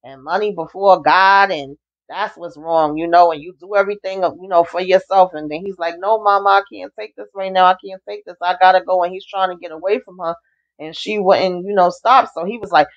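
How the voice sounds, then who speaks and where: A woman's voice: fairly low pitch, fairly even intonation, brisk. A woman giving a casual, chatty TV episode recap, acting out the characters' lines as she retells each scene. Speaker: TV recap reviewer. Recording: dull lo-fi recording.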